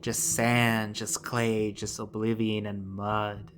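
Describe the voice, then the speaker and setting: Slow, ominous chanting photo spirits, a man puts them on, low and dragging, for a visual novel reading. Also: flat delivery, a bit bright, a little hiss or hum. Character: eerie chanting voices from cursed photographs.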